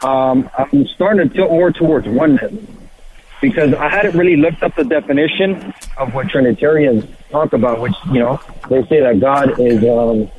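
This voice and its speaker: A man calling into a radio show, asking his question hesitantly with many pauses. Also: medium pitch. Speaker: caller. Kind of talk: phone-in question. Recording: tinny phone line.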